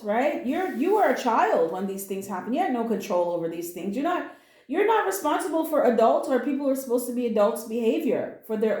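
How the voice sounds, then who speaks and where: A woman's voice: a little high, a little mellow, roomy sound. A woman giving a casual spoken tarot reading, earnest and comforting, emotional at times and blunt with slang. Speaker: tarot reader.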